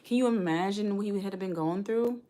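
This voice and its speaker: A woman around forty hosts a casual live stream, her mid-range voice mellow and a little fast. She chats, speaks directly to the chat and reads viewer comments aloud.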